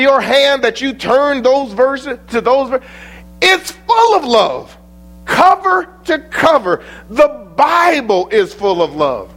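A man preaching a sermon, building to emphatic questions and then dropping his voice low and soft. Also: big pitch swings, slow pace.

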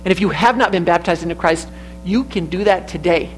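A man's voice: high voice, brisk, a little hiss or hum, low-quality recording. A man preaching an earnest sermon in a church, repeating key phrases and building to emphatic peaks. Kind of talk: sermon with invitation. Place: church sanctuary.

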